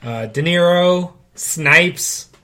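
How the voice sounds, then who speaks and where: A man co-hosting a casual movie podcast, trading dry jokes in quick banter. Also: sits high, sharp tone. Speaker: podcast co-host. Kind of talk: casual chat.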